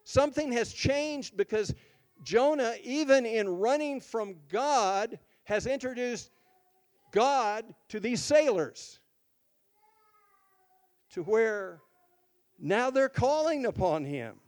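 A man's voice: very high-pitched, lively intonation, takes it slowly, pauses often, darkish tone. A male pastor preaching a sermon, reading scripture aloud and then explaining it, leaning hard on key words.

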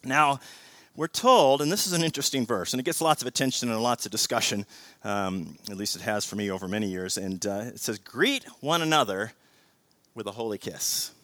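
A middle-aged man preaching a sermon with animated swings between loud emphasis and quiet intensity, often repeating words and asking "right?". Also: fairly low pitch, brisk, no room sound. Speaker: pastor.

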